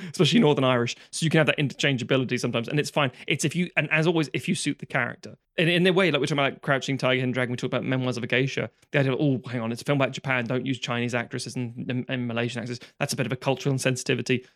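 Brief: male co-host, rapid rambling talker, curses casually, dry studio sound. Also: medium pitch, a bit bright, no room sound. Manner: fast, rambling, swears freely, frequent restarts. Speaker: podcast co-host. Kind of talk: casual film discussion.

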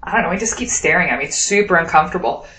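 Woman, from Wyoming, casual storyteller, lowish voice, roomy echo. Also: racing. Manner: lively anecdotal, acts out quoted dialogue.

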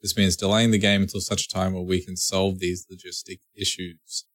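A man's voice: deep voice, little pitch movement, brisk. A man co-hosting a podcast, reading out news items and riffing on them with swearing and jokes. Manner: jokey, profane, reads news aloud then riffs. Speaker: podcast co-host.

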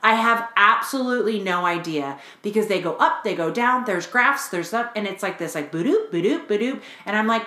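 A woman coaching clients, talking casually and frankly on a podcast, with lively storytelling and frequent swearing. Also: mid-range voice, moderate pace, few pauses. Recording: roomy echo.

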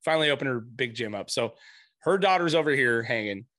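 A man's voice: mid-range voice, brisk, dry recording, clean studio sound. A middle-aged man telling a story in casual chat, swearing freely and acting out the people he quotes in raised voices. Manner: animated, profane, acts out quotes in raised voices.

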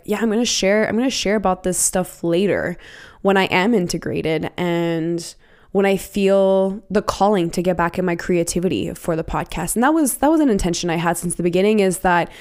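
A young woman, a podcast host and self-healing coach, her voice a little raspy, chatting in a bubbly, rambling, spiritual way. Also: mid-range voice, lively intonation, moderate pace, darkish tone. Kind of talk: casual solo podcast chat.

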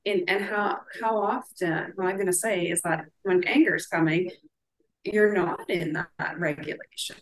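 Earnest woman with a lowish voice. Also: fairly even intonation, moderate pace, rough recording. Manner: earnest, acts out quoted self-talk. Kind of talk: casual podcast chat.

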